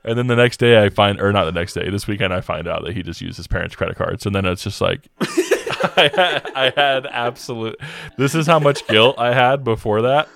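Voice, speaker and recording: Low-voiced young man telling a story. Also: normal speed, gravelly. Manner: animated, laughing retelling with slangy asides. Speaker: podcast co-host. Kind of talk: casual chat, storytelling.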